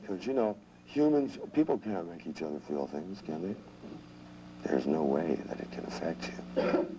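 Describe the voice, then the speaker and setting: A man's voice: low voice, lively intonation, normal speed, noisy background. A man teaching a live seminar, rambling and restarting sentences, with irreverent jokes and asides. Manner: acts out voices in quotes. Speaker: seminar trainer.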